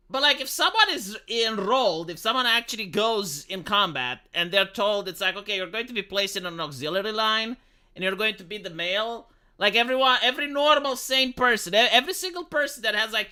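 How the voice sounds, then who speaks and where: A man's voice: very high voice, sharp tone, clear, resonant tone. A man from Romania, ranting profanely and sarcastically on a live stream about a film.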